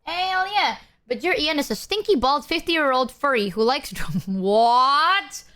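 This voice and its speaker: A woman's voice: high voice, animated, a little slow, pushed and bright. A young woman streamer chatting casually with her viewers, swearing freely and sometimes talking while she eats. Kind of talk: casual live-stream chat.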